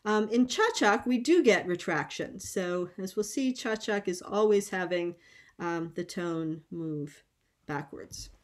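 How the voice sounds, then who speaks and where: A woman lecturing on linguistics at an academic colloquium, speaking in a measured, explanatory way with frequent pauses and ums, over a video call. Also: medium pitch, animated. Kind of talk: academic conference talk.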